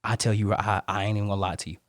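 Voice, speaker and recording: A young man from Detroit, a Marine and motivational speaker, telling his story as a podcast guest in a lively, acted-out way. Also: on the low side, rapid-fire, no echo, studio quality. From Detroit, Michigan. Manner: animated storyteller who acts out quoted voices.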